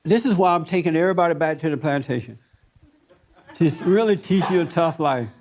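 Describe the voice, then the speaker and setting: A man's voice: a little high, a little fast, darkish tone, a little hiss or hum. A man hosting a group discussion, preaching emphatically and repeating his points. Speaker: host.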